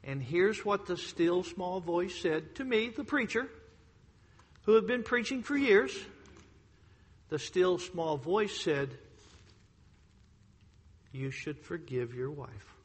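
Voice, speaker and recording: A man preaching a sermon to a congregation, telling a personal story emphatically, swinging between loud outbursts and hushed lines. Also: high voice, big pitch swings, takes it slowly, husky. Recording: long hall reverb.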